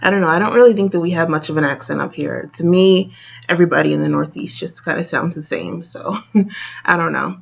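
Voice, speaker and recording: A woman's voice: low-pitched, brisk, vocal fry, slightly rough, highs cut off. A young woman from Delaware with a northern Delaware accent, chatting casually in a vlog and reading a word list with giggles and lots of "like" and "um". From Wilmington, Delaware, USA. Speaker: vlogger.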